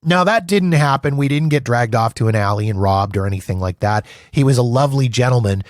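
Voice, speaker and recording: Man host, storytelling, self-deprecating, dry close sound, mid pitch. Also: animated, fairly quick, dry recording. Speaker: podcast host. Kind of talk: conversational interview.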